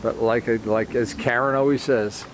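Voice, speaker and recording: A man's voice: medium pitch, steady tone, normal speed, a little hiss or hum. A man vlogging in a casual, rambling way, sentimental and often trailing off mid-sentence. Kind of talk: casual reminiscing to camera.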